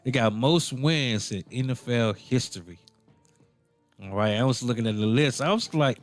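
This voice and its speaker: A man's voice: fairly low pitch, lively intonation, moderate pace, faint music behind. A man hosting a casual sports radio show, rambling and playful, with many ums and self-corrections.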